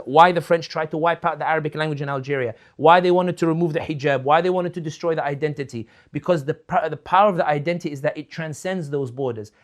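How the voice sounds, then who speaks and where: A man, likely a young adult, speaking as a political commentator in an impassioned talk, fervent and rhetorical, building points with repeated questions. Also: a little high.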